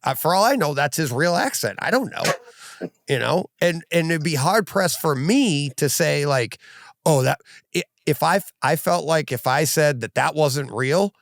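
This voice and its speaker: A man co-hosting a casual chat show, with a slightly high and very lively voice. His tone is gravelly, he argues his point animatedly, and the sound is dry and close. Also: measured pace, dry recording. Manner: animated, stubborn, laughing. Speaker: podcast co-host.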